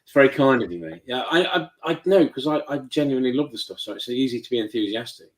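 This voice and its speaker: A man in a relaxed interview, spinning anecdotes and slipping into the voices of the people he quotes. His voice sits at a middle pitch. He talks in a loose, conversational way, with plenty of restarts. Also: quick pace, rough recording. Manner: lively storyteller acting out quoted dialogue. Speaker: toy shop owner, guest. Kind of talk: casual interview chat.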